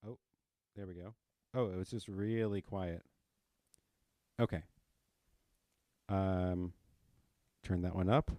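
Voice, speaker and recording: Guy live streaming, testing mics, lots of ums, lowish mellow voice, dry close sound. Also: steady tone, slow, long pauses, no echo. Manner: thinking aloud with many fillers. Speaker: livestream host. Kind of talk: casual live gear demo. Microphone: close dynamic microphone.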